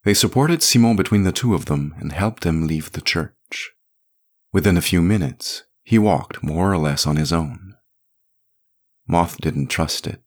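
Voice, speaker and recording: A man narrating a story podcast in an expressive, measured way. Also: low voice.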